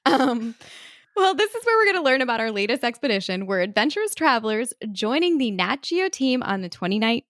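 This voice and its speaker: A woman's voice: a little high, very animated, dry recording, studio quality. A woman co-hosting a podcast, presenting her ride idea in a giggly, bubbly, casual way. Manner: giggly, bubbly, quick to apologize. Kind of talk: casual chat.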